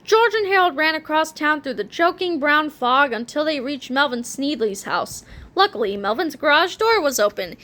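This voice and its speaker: Animated woman reading a kids' book. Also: high-pitched, normal speed. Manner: expressive, animated storytelling. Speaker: read-aloud narrator. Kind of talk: reading a children's chapter book aloud.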